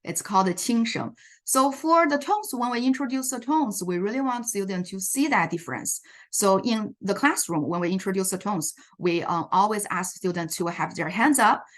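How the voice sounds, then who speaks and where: At a moderate pace, this woman's mid-range, slightly bright voice sounds animated as she shares teaching strategies over a video call. A Chinese language teacher at an online workshop, she explains with frequent fillers and self-corrections.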